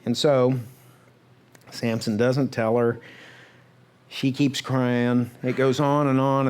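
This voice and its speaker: A man's voice: mid-range voice, a little mellow. Pastor, male, mid-range voice, chatty storytelling sermon with lots of audience check-ins. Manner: conversational storytelling with frequent "right?" asides; acts out the characters' words in quick bursts. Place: church sanctuary.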